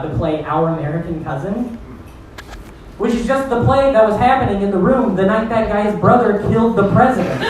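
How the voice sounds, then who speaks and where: A man's voice: sits high, noisy background. A man hosting a stand-up comedy show, telling a loose, profane, rambling story to the crowd. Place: comedy club stage. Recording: roomy, distant club recording.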